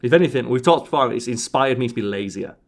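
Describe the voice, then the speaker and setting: A man's voice: mid-range voice, lively intonation, quick pace, over a noisy crowd. Sarcastic man chatting on a podcast. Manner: sarcastic, reading survey answers aloud. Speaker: podcast host. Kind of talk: casual podcast chat.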